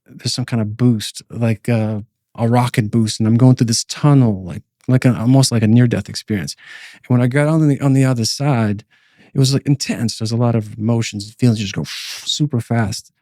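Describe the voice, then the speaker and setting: Speaking in a mellow mid-range voice at a moderate pace, a man co-hosting a podcast shares a dream of his as a testimony. He wanders, restarting often and leaning on fillers, and the clean studio audio has no echo.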